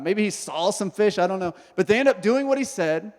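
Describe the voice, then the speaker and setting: A pastor preaching a sermon, telling the story in a lively way and acting out the characters' thoughts. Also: male voice, sits high, fast talker. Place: church hall. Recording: hall reverb.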